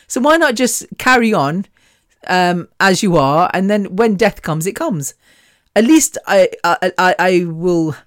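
On her own podcast, a woman with a low-leaning voice delivers a casual, chatty monologue, blunt and defiant and punctuated by frequent laughter. The audio is studio quality with no room sound.

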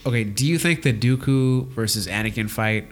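A man's voice: mid-range voice, moderate pace, slight background noise. A man hosting a casual podcast, explaining things at length and steering the talk with questions.

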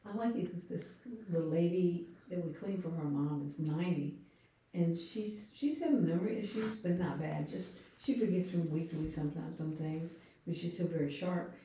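A woman's voice: lowish voice, moderate pace, dark tone, slight background noise. A woman in her sixties telling an everyday story in a casual Bible study chat, acting out what people said to her. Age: 60s. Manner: tells everyday stories and acts out what people said. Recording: very echoey room, voice far from the mic.

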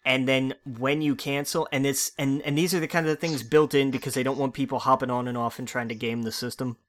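A man's voice: mid-range voice, little pitch movement, a little fast. A man in casual conversation, explaining eagerly and stammering as he restarts sentences. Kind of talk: casual chat.

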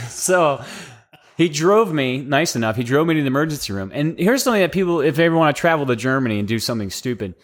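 A young man chatting casually on a podcast, rambling through a story full of "like" and quick acted-out quotes. He slides from high squeaky impressions to low deadpan ones as he tells it. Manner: animated storyteller acting out quoted voices, lots of "like". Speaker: podcast co-host.

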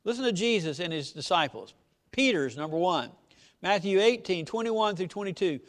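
A pastor preaches a sermon in a church, his voice high for a man and his pitch jumping up and down throughout. His style is folksy and conversational, animated and moderately paced, and he keeps throwing rhetorical questions at the congregation.

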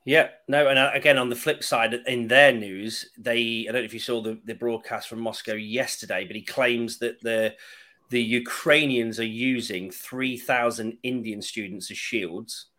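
A man in casual chat, an animated, sardonic storyteller who swears freely. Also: mid-range voice, moderate pace.

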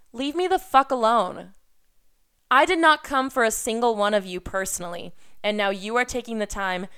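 A woman's voice: mid-range voice, smooth. A young woman in her twenties ranting to camera in an unscripted vlog, blunt and defiant, swearing often. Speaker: vlogger.

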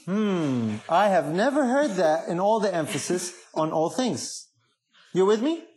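Man, preacher, sermon, emphatic, asks questions, slightly high voice. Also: big pitch swings, measured pace, a little mellow.

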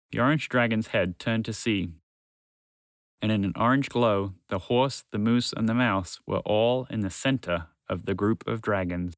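Male storyteller, children's story, lively, smooth resonant voice, close dry sound. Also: lowish voice, moderate pace, no echo.

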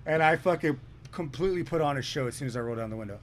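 A man's voice: medium pitch, racing, background noise. A young man telling a rowdy story to friends in casual chat, swearing often. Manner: profane, animated, swears a lot. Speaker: podcast storyteller.

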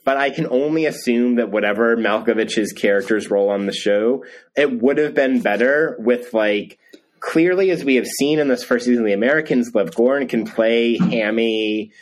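A man's voice: medium pitch, normal speed, poor audio. A man co-hosting a podcast, chatting casually and wryly, steering the talk. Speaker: podcast co-host. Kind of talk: casual chat.

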